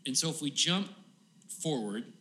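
Male pastor, casual halting sermon delivery, bright tone, emphatic pleading in the paraphrases. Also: a little high, animated, a little hiss or hum. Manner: casual, halting delivery with many fillers and restarts; grows pleading and emphatic when paraphrasing the psalm.

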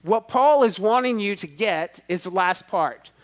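A man's voice: sits high, animated, measured pace. A man preaching a sermon in a church, stretching out key words and swelling with emphasis. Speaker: pastor.

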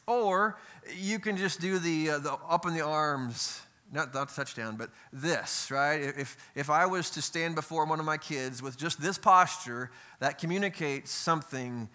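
A man's voice: on the high side, a little slow, pushed and bright. A middle-aged man, a pastor, preaching a conversational sermon in a church, with asides and rhetorical questions. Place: church sanctuary.

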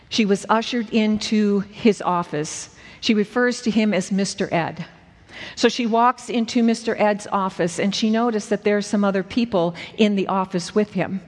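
A woman preacher telling a story in a sermon, earnest and slowing down at dramatic moments. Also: medium pitch. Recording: echoey hall with long reverb.

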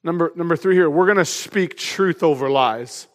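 Male pastor, high voice, lively joking sermon, long reverb of a large church hall. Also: normal speed. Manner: energetic, humorous, conversational.

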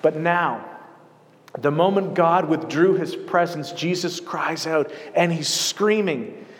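A man's voice: a little high, takes it slowly, big-room sound. A man preaching a sermon, telling stories and repeating key phrases for emphasis. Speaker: pastor.

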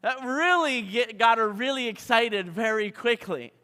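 Male pastor, dramatic sermon, high bright voice, long hall echo. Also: animated, measured pace, clear, resonant tone. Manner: dramatic preaching, sung hymn opening, rhetorical questions.

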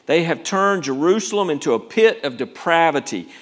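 Conversational male preacher, fairly high voice. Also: animated, moderate pace, a bit bright. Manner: conversational, rambling with restarts, rising to urgent emphasis. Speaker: pastor. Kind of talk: sermon.

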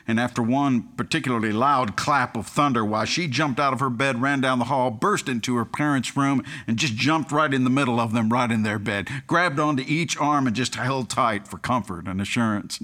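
A man's voice: mid-range voice, normal speed, fairly bright tone. A man preaching a sermon, telling humorous anecdotes and chuckling at his own stories. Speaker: pastor.

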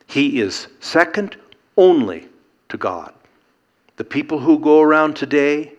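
A man's voice: on the high side, big pitch swings, measured pace, long pauses, lo-fi sound. A middle-aged man preaching a sermon, earnest and emphatic, building to rhetorical questions.

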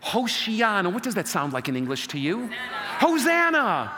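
A man preaching a sermon as pastor, animated, rousing his congregation in call-and-response. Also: sits high, a little fast, noisy background.

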